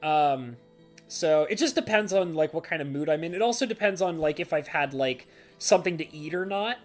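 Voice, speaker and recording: A man's voice: a little high, normal speed, faint music behind. A man chatting casually on a live stream, reading out chat messages and rambling with plenty of "like" fillers. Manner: animated, mock-ranting.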